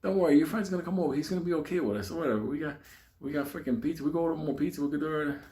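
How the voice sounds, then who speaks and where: A man's voice: on the high side, rapid-fire, mellow, roomy sound, close to an everyday voice. Easygoing teenage boy played by a storytelling man, careless, profane, unbothered. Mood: reassuring. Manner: offhand, profane, brushes worries off.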